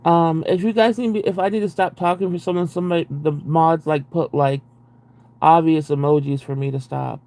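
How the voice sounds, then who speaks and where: A man's voice: a little high, steady tone, normal speed, a little mellow, no room sound. A young man on a live stream reading a book aloud and breaking off into profane, exasperated, sarcastic commentary. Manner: profane, exasperated, sarcastic asides between read passages.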